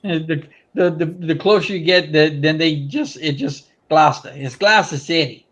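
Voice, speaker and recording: A man's voice: a little high, moderate pace, a bit bright, dull audio. A man from South Louisiana with a South Louisiana accent, chatting casually and often repeating himself. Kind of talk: casual chat.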